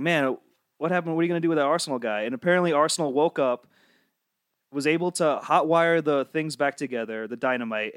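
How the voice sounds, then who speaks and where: A young man co-hosting a casual book club podcast, talking in a halting way with fillers as he gathers his thoughts. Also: mid-range voice, dry recording, studio quality. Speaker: podcast co-host. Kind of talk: casual chat.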